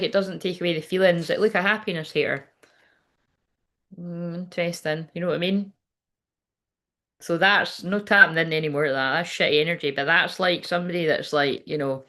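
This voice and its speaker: A woman with a fairly low voice talks through a tarot reading in a loose, casual way. She swears freely, laughs often and breaks off mid-thought. Her manner is chatty and unpolished. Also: fairly bright tone. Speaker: tarot reader.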